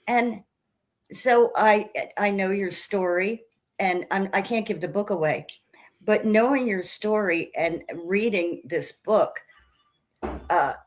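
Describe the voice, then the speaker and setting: A woman hosting an interview show, gushing and animated as a reader. Her voice sits in a middling register. She chats casually and openly with her guest. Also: mid-range voice, slow. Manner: effusive, animated storyteller. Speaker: podcast host.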